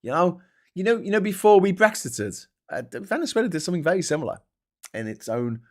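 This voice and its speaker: A British man hosts a loose political commentary show, his voice sitting high for a man. He swears freely and mocks his targets with taunting sarcasm, his delivery easy and conversational. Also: very animated, a little fast. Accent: British English. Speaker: host.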